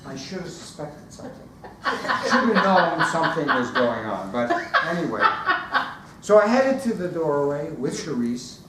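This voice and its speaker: A man's voice: a little high, a little hiss or hum. A man giving a storytelling speech at a speaking club, acting out scenes with sounds as he goes. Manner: animated, acts out scenes with sounds. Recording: echoey room from far off.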